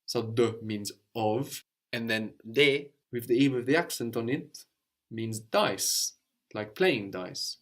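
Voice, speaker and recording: A man teaching a language lesson, explaining patiently step by step and often checking with a quick "no?". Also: medium pitch.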